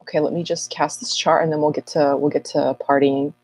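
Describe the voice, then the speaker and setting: Low-voiced chatty woman astrologer. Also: level tone, fairly quick, darkish tone. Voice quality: slightly husky morning voice. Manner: chatty, rambling, self-mocking. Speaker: astrologer hosting a live Q&A. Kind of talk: casual livestream chat.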